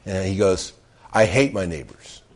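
Earnest male pastor preaching, lowish voice, chatty asides. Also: lively intonation. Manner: earnest, repeats phrases with emphatic pauses; conversational storytelling with restarts. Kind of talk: sermon.

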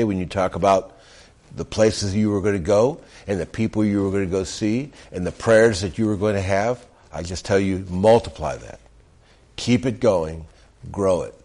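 A man preaching a sermon in an earnest way, stressing phrases with pauses and slipping into casual storytelling. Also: low voice, darkish tone. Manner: conversational storytelling with restarts. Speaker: pastor.

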